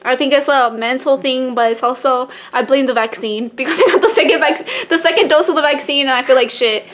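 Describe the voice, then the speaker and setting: A young woman vlogging on a phone, rambling with crude jokes and giggles, at times soft and teary. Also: sits high, a little fast, slight background noise. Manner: soft, teary, half-whispered confiding. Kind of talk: casual vlog chat. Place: hotel room at night.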